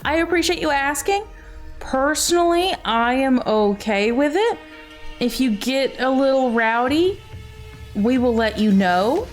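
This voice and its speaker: A woman streamer chatting casually during a livestream, giddy and laughing often, a little high, and talking to her cat now and then. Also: expressive, unhurried, soft background music. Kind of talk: casual livestream chat while knitting.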